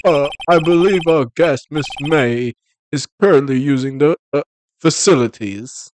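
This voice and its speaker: A man voicing a polite, formal male hotel bellboy who talks in halting, over-courteous phrases. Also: medium pitch, animated, noisy background, lightly acted. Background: video game music.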